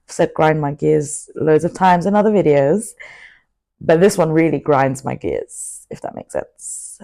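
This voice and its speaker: A young woman giving an outspoken, animated motivational talk to camera, full of asides. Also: low-pitched, unhurried, gravelly. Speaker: vlogger. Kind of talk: casual motivational monologue to camera.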